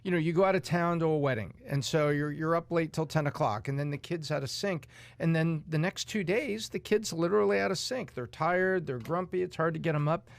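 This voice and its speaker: Gravelly higher-ish guy, earnest, keeps restarting, dry mic. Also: a little fast. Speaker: co-host. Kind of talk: casual chat.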